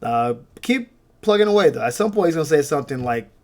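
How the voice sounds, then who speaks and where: A man's voice: on the high side, expressive, fast talker, a little mellow. A man hosting a fan channel, giving casual, opinionated sports commentary with frequent laughs and fillers.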